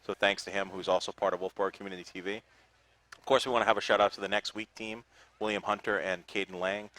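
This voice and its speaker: A man's voice: lowish voice, little pitch movement, fast talker, pushed and bright, no room sound. A man co-hosting a live broadcast outdoors at a parade, reading thank-yous with many fillers. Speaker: co-host. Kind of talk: casual live broadcast chat.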